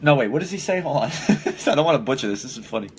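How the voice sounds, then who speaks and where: A man's voice: medium pitch, lively intonation, fast, slight background noise. A young man hosting a casual solo podcast, blunt and profane, who often laughs at his own jokes. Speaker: podcast host.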